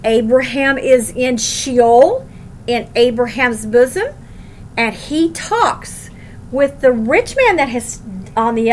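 A woman's voice: high voice, a little hiss or hum. A woman teaching a Bible study class, reading verses aloud and stressing her points with questions to the group. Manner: emphatic, asks the class questions.

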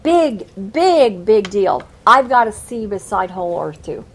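A woman's voice: medium pitch, big pitch swings, a little slow, a little hiss or hum. A woman teaching a Bible study, reading scripture aloud and adding emphatic, folksy commentary.

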